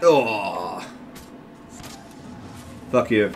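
A man giving casual gameplay commentary, excitable and jokey, swearing often. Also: mid-range voice, unhurried, a little hiss or hum. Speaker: gamer.

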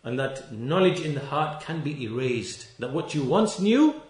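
A man's voice: on the high side, big pitch swings, measured pace, echoey room. A man giving a religious lecture, stern and emphatic, repeating key phrases and stretching words for stress. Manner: stern and reproachful toward critics. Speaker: Islamic lecturer.

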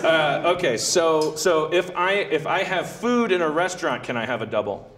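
A man's voice: a little high, animated, normal speed, a bit bright, a little hiss or hum. A man hosting a live comedy show, rambling, restarting and swearing on stage before an audience. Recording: roomy live stage from far off, crowd.

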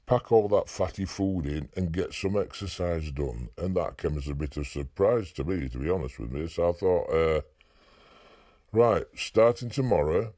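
A deadpan Yorkshire creature rambles through a joke in a very deep voice, as a man puts it on. The sound is close and dry, and the punchlines land flat. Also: no room sound. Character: gruff deadpan Yorkshire animal comic. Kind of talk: comic animal voice-over.

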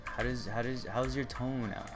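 This young streamer, whose voice is mid-range, chats loosely while gaming, excitable and rambling and quick to poke fun at those he talks to. Under his speech you can hear music, game sounds, and keyboard typing.

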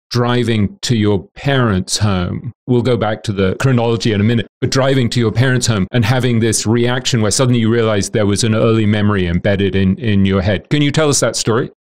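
A man's voice: lowish voice, darkish tone. A man hosting a podcast, asking long, thoughtful, winding questions. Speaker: podcast host, interviewer. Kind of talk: interview questions.

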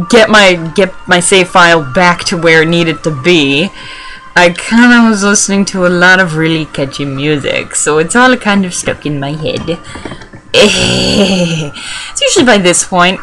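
A woman's voice: fairly low pitch, fairly bright tone, poor audio. A young woman rambling through casual gameplay commentary, swearing and joking. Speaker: let's play gamer.

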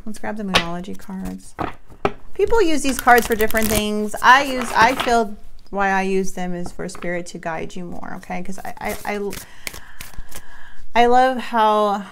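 A woman's voice: mid-range voice, measured pace, vocal fry, pauses often, noisy background. A woman giving a casual tarot reading to her viewers in an upbeat, chatty way, often checking in with "okay?". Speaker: tarot reader.

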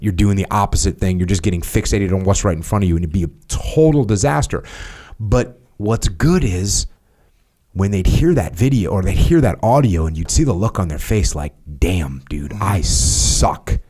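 Low-voiced man telling stories. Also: a little mellow. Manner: storytelling, acts out quoted voices. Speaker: podcast host. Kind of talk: casual podcast conversation.

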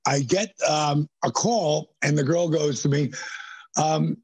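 A man in his sixties telling stories as a podcast guest, animated and slipping into character voices. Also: on the high side, slow, breathy edge, dry recording, low-quality recording. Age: 60s. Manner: animated storyteller who slips into voices. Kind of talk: storytelling in casual interview.

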